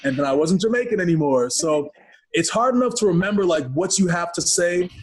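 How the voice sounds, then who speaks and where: A man from Ghana, a podcast guest, telling stories in a lively, chatty way and acting out other people's voices. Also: sits high, brisk, husky. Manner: lively storyteller who acts out voices. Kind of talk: casual interview chat.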